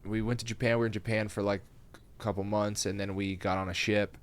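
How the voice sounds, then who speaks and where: A man with a somewhat low voice sits in as a podcast guest. He is a comedian who tells his stories loosely and profanely. He laughs often and speaks with animated energy throughout. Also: a little fast. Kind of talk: casual storytelling chat.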